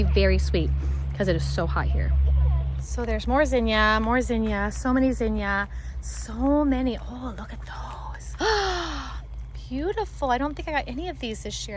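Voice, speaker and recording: A woman giving a casual, chatty walking tour of her vegetable garden outdoors. She talks in an excitable, rambling way. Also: on the high side, slight background noise. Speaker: homesteading garden vlogger.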